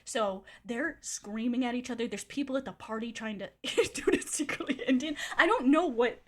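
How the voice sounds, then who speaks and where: A woman streamer telling a wild personal story in a casual, animated way, swearing freely and laughing often. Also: a little high, moderate pace.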